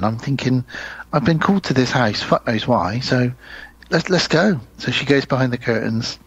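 Husky gravelly guy chatting through a movie plot, doing the characters' voices. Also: medium pitch, moderate pace, highs cut off. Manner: animated storyteller, acts out characters' lines. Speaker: podcast co-host. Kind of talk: casual chat recapping a film.

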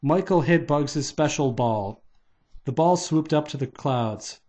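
A man reading a children's novelization aloud in a plain, steady manner. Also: on the high side, takes it slowly. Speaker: reader.

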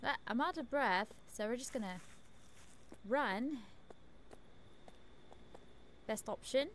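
A woman's voice: fairly high pitch, expressive, takes it slowly, slight background noise. A woman giving chatty, self-talking commentary while playing a video game, often giggling. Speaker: gaming streamer. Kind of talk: casual let's-play commentary.

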